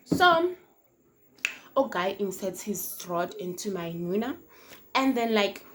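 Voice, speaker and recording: A young South African woman telling a casual storytime on her vlog, animated and slangy, swinging between loud and hushed. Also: medium pitch, takes it slowly, pauses often. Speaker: vlogger. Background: faint noise from outside.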